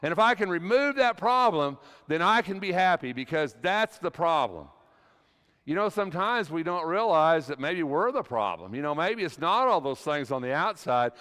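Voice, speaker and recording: A man's voice: on the high side, sing-song, moderate pace, sharp tone, big-room sound. A middle-aged man preaching a sermon in a church, folksy and conversational, telling a personal story with frequent restarts. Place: church sanctuary.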